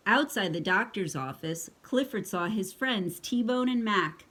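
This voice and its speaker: A woman's voice: mid-range voice, animated, measured pace, a bit bright. A woman reading a picture book aloud to her child, breaking off for chatty asides and playful hiccup noises. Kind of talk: casual storybook read-aloud.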